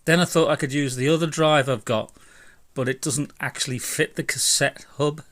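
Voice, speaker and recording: A man's voice: on the high side, steady tone, moderate pace, fairly bright tone, dry recording. A man, casually talking through his own bike repair in a vlog, chatty, blunt and self-mocking. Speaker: DIY e-bike vlogger.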